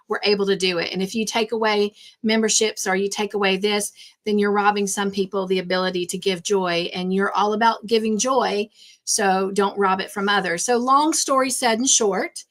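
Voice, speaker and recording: A woman's voice: medium pitch, steady tone, normal speed, fairly bright tone. A woman hosting a craft livestream, chatting casually and rambling, repeating herself when nervous. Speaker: craft channel host.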